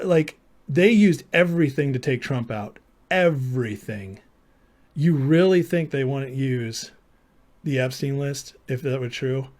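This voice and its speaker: A man hosting a live stream, his voice sitting a little high for a man. He argues combatively with viewers in the chat, mocking them and turning sarcastic, sometimes aping their lines in a silly voice. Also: a little mellow. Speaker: live show host.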